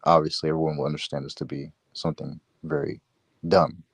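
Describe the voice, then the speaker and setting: A man from the Dominican Republic chatting as a guest on a livestream and explaining doctrine in steady, measured sentences. His voice is very low. The recording is dry and close. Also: creaky, breathy edge, dry recording. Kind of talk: casual chat and theology explanation.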